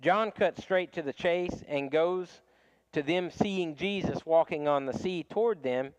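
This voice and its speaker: A man's voice: a little high, a little slow, smooth, dry recording, dull audio. A man teaching a casual Bible study class, talking conversationally with frequent restarts and small chuckles.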